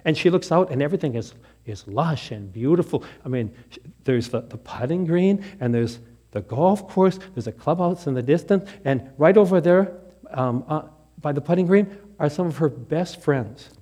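A male pastor telling a joke in a lively storytelling manner within a sermon. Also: a little high, moderate pace, slightly rough. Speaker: Lutheran pastor.

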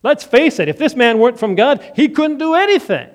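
Preacher putting on a healed blind man, loud and insistent, high lively voice. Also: fairly quick.

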